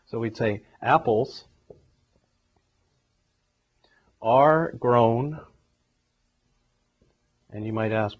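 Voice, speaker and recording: A man's voice: fairly low pitch, a little mellow, breathy edge. A man teaching a grammar lesson, walking through numbered examples one step at a time. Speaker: English teacher. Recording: dull lo-fi recording.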